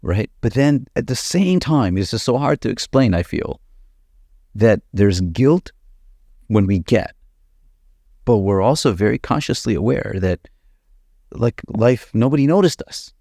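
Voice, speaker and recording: A man hosting a podcast, asking reflective questions in a thoughtful, halting way. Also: medium pitch, lively intonation, dark tone, dry recording, studio quality. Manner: thoughtful, halting, searches for words. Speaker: podcast host.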